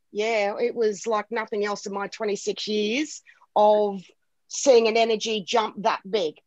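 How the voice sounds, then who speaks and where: A woman's voice: fairly high pitch, no echo. Woman on a dull remote line. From Australia. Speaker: guest spiritual guide. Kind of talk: casual radio talk.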